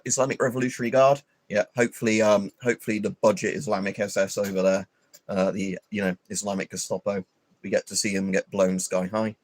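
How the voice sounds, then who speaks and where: A man's voice: fairly low pitch, dry recording. A man hosting a livestream, rambling and swearing in an opinionated, casual chat full of fillers. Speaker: livestream host.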